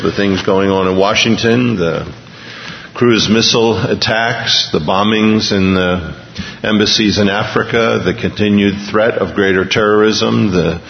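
A male pastor with a lowish voice preaches a sermon in a conversational way, reading a news item aloud and restarting sentences as he goes. The recording is dull and lo-fi, with long hall reverb and a little hiss or hum.

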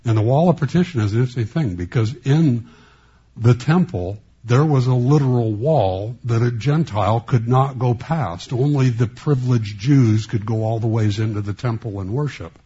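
A man preaching a sermon as a pastor, speaking in a halting way with many restarts and flashes of sarcasm. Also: medium pitch, warm tone, husky, highs cut off.

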